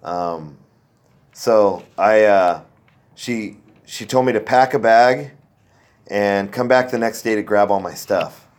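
A man shares his own recovery story as a casual personal testimony, rambling and self-deprecating, with plenty of fillers and restarts. His voice is fairly low, and he takes it slowly.

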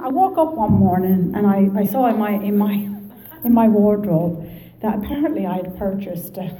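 A woman with an Irish Midlands accent telling her story at a recovery meeting, lively and joking. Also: mid-range voice, echoey room, slight background noise, rough recording. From Ireland. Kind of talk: personal testimony to an audience.

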